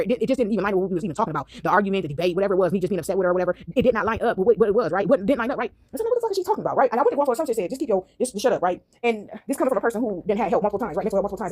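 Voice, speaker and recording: Woman vlogger, storytime monologue, very fast talker, animated, keeps asking right. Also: mid-range voice.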